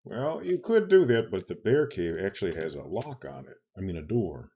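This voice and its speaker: A man's voice: low-pitched, big pitch swings, normal speed, dark tone, husky. A man narrating a tabletop game as game master, playful and rambling as he thinks aloud.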